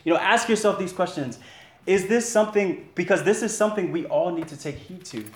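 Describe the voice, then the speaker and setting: A man leads a men's Bible study, delivering an earnest sermon in a conversational style and asking his listeners to respond. His voice sits high and moves a little fast, with a roomy sound.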